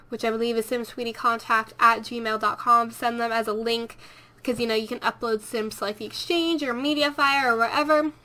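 High, bright-voiced chatty woman gamer. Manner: chatty, rambling, self-correcting. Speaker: let's play host. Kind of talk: casual gameplay commentary.

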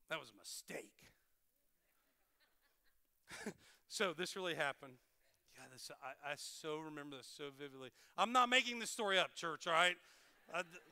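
A middle-aged man, a pastor, preaching a sermon with animated storytelling and playful self-deprecating humor. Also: sits high, smooth, in a large hall. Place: large church hall.

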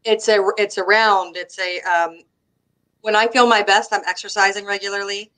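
A middle-aged woman from the United States with a Southern American accent, telling lively stories as a guest and laughing often. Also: medium pitch, normal speed, poor audio. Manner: animated storyteller, laughs often. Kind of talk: casual conversation on a live stream.

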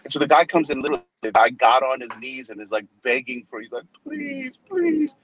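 A pastor in his forties in casual chat, an animated storyteller who acts out the people he quotes. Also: medium pitch, quick pace, muffled recording, background noise.

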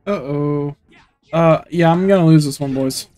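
A young man giving let's-play commentary, excitable and swearing often as he rants at the game he is playing. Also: on the high side, a little slow. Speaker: gaming YouTuber. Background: faint game music.

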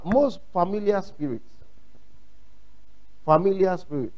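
A man's voice: sits high, a little slow, long pauses, highs cut off. A man with a Ghanaian English accent preaching a sermon, emphatic and repeating his points, acting out quotes. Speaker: pastor.

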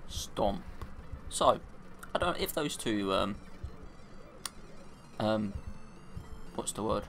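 Excitable young man narrating gameplay. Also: extremely slow, vocal fry, soft background music. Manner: excitable, cries out in high-pitched dismay at setbacks. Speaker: let's play gamer. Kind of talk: casual gameplay commentary.

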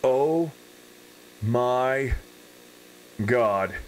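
A man commentating a horror game, reacting in a jumpy, loud way and swearing often as he plays. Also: mid-range voice, lively intonation, extremely slow, slight background noise, rough recording. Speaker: gaming commentator.

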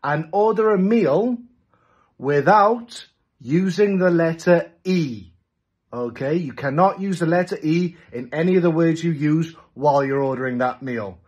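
Man, husky voice, slightly high pitch, laid-back, casual message. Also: unhurried, a little mellow, muffled recording. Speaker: comedy sketch creator.

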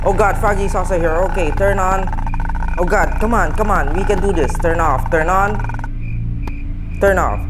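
Excitable young-sounding man gaming. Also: fairly high pitch. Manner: excitable, panicky, counts aloud and talks to viewers. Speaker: gaming channel host. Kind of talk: let's-play commentary. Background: game music.

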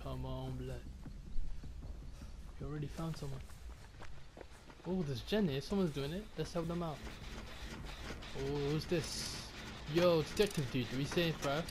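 A young man giving slangy, excitable gameplay commentary and swearing often. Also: a little high, a little slow, long pauses, noisy background. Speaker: gaming YouTuber.

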